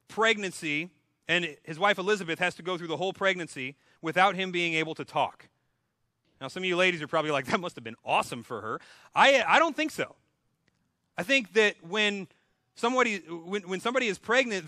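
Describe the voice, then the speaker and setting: A man's voice: high voice, pushed and bright, dry recording. A man preaching a sermon as pastor, retelling scripture in a casual, humorous storytelling way. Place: church.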